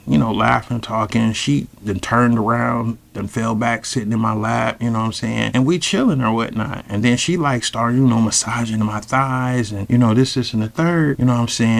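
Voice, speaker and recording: A man telling a personal story in a casual, animated and profane vlog style. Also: medium pitch, vocal fry. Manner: animated, profane, many fillers.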